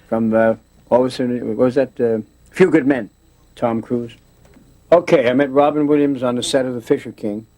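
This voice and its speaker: A man's voice: mid-range voice, steady tone, normal speed, dark tone. A man in a casual interview, telling stories in a rambling way with many restarts, often slipping into voices.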